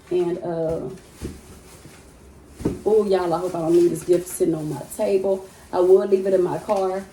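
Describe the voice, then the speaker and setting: A woman vlogging in casual chat from her home, talking to her viewers in an animated, chatty way and laughing often. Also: fairly low pitch, slight background noise. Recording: roomy echo in a home room.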